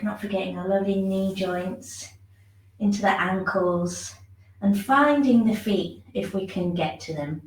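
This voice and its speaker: A woman teaching a shiatsu class, giving gentle, soothing step-by-step instructions for self-massage. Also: medium pitch, roomy sound, distant mic, rough recording. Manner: gentle, soothing instructions, yawning now and then.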